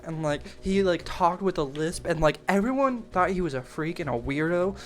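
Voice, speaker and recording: A man's voice: on the high side, moderate pace. Slangy young man telling a story. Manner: profane, animated, slangy, full of 'like'. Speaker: storytime YouTuber. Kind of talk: casual storytime narration.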